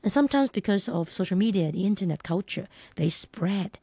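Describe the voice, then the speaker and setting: A woman's voice: medium pitch, lively intonation, brisk, mellow, slightly rough, no echo. A woman in casual conversation, rambling with many fillers and restarts.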